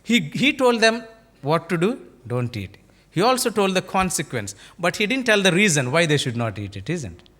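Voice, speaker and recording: Preaching a sermon, a male pastor with an Indian English accent speaks at a moderate pace in a sing-song, fairly bright voice that sits a touch high for a man. He acts out the dialogue in his stories and keeps turning to the congregation with rhetorical questions.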